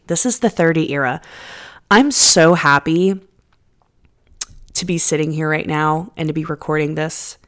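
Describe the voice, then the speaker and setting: A woman's voice: lowish voice, clean tone. A woman in her thirties hosting a casual solo podcast from her apartment, chatty and rambling, with self-deprecating asides and casual swearing. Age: 30s. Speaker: podcast host. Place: apartment room. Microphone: podcast microphone.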